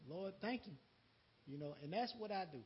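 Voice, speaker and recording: A man's voice: sits high, lively intonation, normal speed, lo-fi sound, a little hiss or hum. A man preaching an unscripted sermon in a folksy, laughing way, quoting conversations and repeating words. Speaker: lay preacher.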